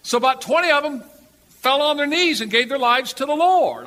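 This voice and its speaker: An older man preaching a storytelling sermon in a church, animated and repeating himself for emphasis. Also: very high voice, brisk. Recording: reverberant hall, faint ambience.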